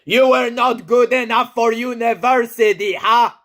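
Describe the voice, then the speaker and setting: A man putting on a high, clicky voice to play a pushy, clumsy flirt. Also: fairly even intonation, measured pace, fairly bright tone. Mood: mocking. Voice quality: high-pitched with clicky consonants.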